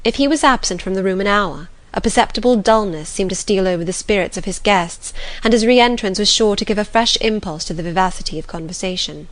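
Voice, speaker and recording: A woman reads a classic novel aloud in a calm, gentle storytelling manner. Her pitch sits in a middle range. The recording is dry and close. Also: brisk, hardly any pauses, no room sound. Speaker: audiobook narrator. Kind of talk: scripted classic novel narration.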